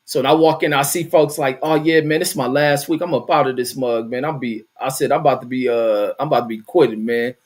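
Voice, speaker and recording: A man's voice: mid-range voice, fairly even intonation, a little fast, hardly any pauses. A middle-aged man hosting a show, telling a work story and reading viewer comments aloud, casually and with a lot of cursing. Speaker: host.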